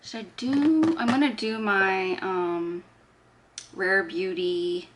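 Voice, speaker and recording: A woman in a relaxed get-ready-with-me chat, talking through her makeup as she applies it. She keeps up easy, self-deprecating chatter with an average, ordinary pitch. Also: slow pace, slight background noise. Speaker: beauty vlogger.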